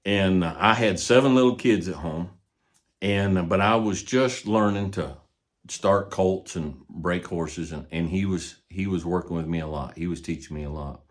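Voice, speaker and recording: Older man, very low voice, folksy horse trainer, casual storytelling, soft trailing asides. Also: moderate pace. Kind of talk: casual teaching talk.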